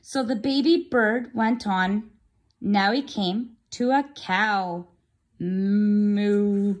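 Slow-reading woman telling a kids' story. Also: on the high side. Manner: slow, chatty asides to listeners. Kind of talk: read-aloud storytelling for kids.

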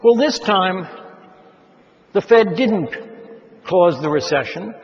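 An older man delivers a measured lecture, leaning hard on the words he wants remembered. His voice sits a little high for a man. It reaches the mic muffled and dull, with a long reverb trailing through a large hall. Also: lively intonation. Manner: measured, emphatic, stresses key words. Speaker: economist giving a talk. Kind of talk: lecture to an audience of investors.

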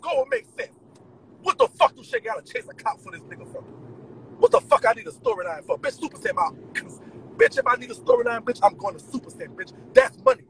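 A man venting to his viewers in an animated, profane, emphatic rant. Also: extremely high pitch, fast, creaky, slight background noise, poor audio. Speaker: vlogger. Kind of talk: ranting straight to camera.

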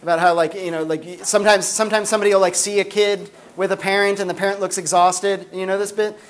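Casual male university lecturer, filler-heavy and animated, in a classroom. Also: high voice, quick pace, noisy background.

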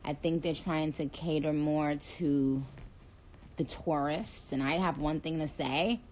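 A woman's voice: deep voice, measured pace, a little mellow, slight background noise, poor audio. A woman from Trinidad chatting playfully with viewers on a phone livestream, talking straight to them from a dim room. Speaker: livestream host. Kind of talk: casual livestream chat to viewers.

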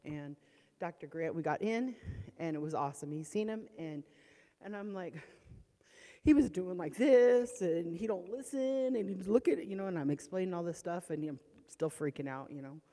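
A low, mellow woman's voice tells an emotional personal testimony in a church hall, reliving past fear as she speaks. The sound carries a long reverb tail from the room. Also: a little fast. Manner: emotional storytelling, reenacting past panic.

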